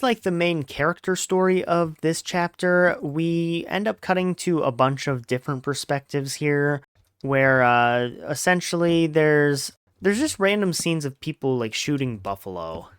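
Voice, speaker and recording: A man's voice: mid-range voice, fairly bright tone, clean tone, dry recording, studio quality. A man hosting a let's-play podcast, chatting casually about a book with lots of fillers and playful gamer slang. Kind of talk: casual book discussion over gameplay.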